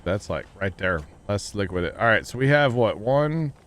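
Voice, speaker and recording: A man chatting casually while livestreaming a video game, rambling and joking as he thinks out loud. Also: fairly low pitch, lively intonation, normal speed, a little hiss or hum. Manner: rambling, jokey, thinking aloud. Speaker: game streamer. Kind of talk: casual gameplay livestream chat.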